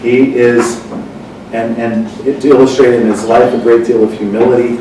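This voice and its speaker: A man's voice: mid-range voice, moderate pace. Far-off man telling a rambling story. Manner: rambling, self-correcting, animated when quoting others. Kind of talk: casual storytelling chat. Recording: echoey room from far off with noise.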